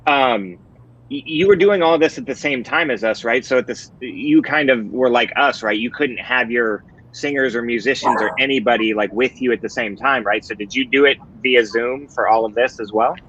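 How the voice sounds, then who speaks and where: A host of an online watch party asking his guests questions, quick and steering the conversation. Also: mid-range voice, a bit bright, husky, highs cut off. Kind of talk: hosting a watch party on a video call.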